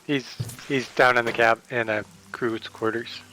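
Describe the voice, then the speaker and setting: A man plays a tabletop game, speaking hesitantly and repeating his words. His tone is bright and sharp, with faint noise in the background. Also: medium pitch, steady tone, measured pace. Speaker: player. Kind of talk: casual tabletop play.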